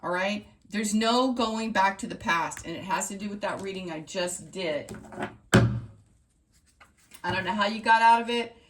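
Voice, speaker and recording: A woman's voice: mid-range voice, unhurried, long pauses, a little hiss or hum. A woman running a tarot reading channel, talking straight to her viewers in an emphatic, repetitive pep-talk style. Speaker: tarot reader.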